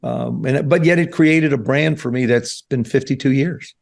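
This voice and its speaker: A man in his seventies from New Jersey, a guest telling stories in an animated way on a podcast. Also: mid-range voice, normal speed, creaky. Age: 70s. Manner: animated storyteller, acts out quoted voices. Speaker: guest, former quarterback. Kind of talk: storytelling interview. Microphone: podcast studio mic.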